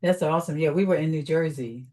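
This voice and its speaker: A woman's voice: low-pitched, quick pace, a little mellow. A woman from Chicago hosting an interview, upbeat and affirming, laughing easily as she asks questions. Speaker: interview host. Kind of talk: conversational interview.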